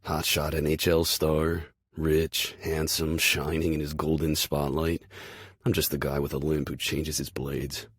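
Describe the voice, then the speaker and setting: A man narrating a romance audiobook in the first person, with a slow, brooding delivery. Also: extremely low pitch, husky, no room sound, studio quality.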